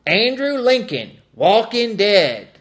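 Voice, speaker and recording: A man's voice: high voice, sing-song, takes it slowly, a bit bright. A man presenting a mock awards show with playful, bantering delivery. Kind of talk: comedy awards parody.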